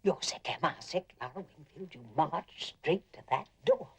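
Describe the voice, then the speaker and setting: A woman's voice: low voice, normal speed, darkish tone, a little hiss or hum. An actress playing a fussy middle-aged mother with a Southern accent, gushing and chattering in a 1950s film. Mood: scolding. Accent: American Southern. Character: faded, fussy Southern mother fussing over guests.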